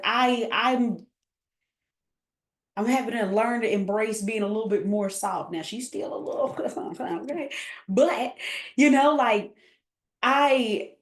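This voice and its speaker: A woman hosting a faith group chat, emotional and talking in quick bursts with restarts. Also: a little high, reverberant. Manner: emotional, talks fast with restarts. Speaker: host and faith coach. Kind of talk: casual live group chat.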